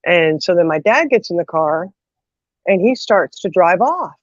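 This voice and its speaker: A woman's voice: lowish voice, measured pace, no echo. A woman in a casual chat telling a funny family story, laughing and acting out quotes. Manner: animated, laughs often, acts out quotes. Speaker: host. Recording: dull lo-fi audio.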